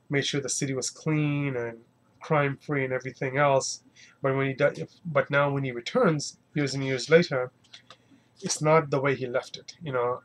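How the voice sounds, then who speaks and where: A man's voice: medium pitch, fairly bright tone. A man casually reviewing comic books, rambling and retelling scenes, leaning heavily on fillers like "you know" and "um".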